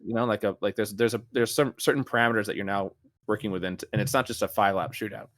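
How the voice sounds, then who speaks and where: Low-voiced man, animated podcast co-host. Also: quick pace, no room sound, clean studio sound. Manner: animated storytelling with many restarts and fillers. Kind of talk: casual chat.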